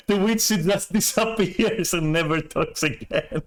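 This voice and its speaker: A man's voice: fairly high pitch, a little slow, few pauses. A man telling a story on a stream in a rambling, profane way, full of restarts and chuckles. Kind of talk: casual storytelling rant.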